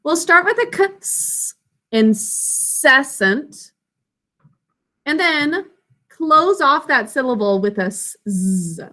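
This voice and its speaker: A woman teacher leading a phonics and spelling lesson, stretching words out slowly and prompting the class to repeat after her. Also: sits high, very animated, bright, forceful tone. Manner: slow, drawn-out enunciation of words and sounds; call-and-response prompting.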